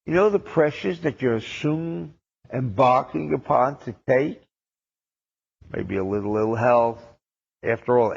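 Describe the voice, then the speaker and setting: A man delivering a rabbi's sermon, slow and deliberate. His voice has a gravelly, fry-edged texture, and his tone turns wry and sarcastic as he poses rhetorical questions. The sound is dull and lo-fi, like an old recording. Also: medium pitch. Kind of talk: sermon on the weekly Torah portion.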